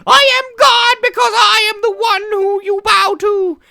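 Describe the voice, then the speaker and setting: A woman voicing a manic male cartoon mouse in a shrill, squeaky falsetto, shrieking every line over the top. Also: fairly even intonation, a little slow, creaky, pushed and bright, heavily acted. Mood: bombastic. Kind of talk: comedic voice impression.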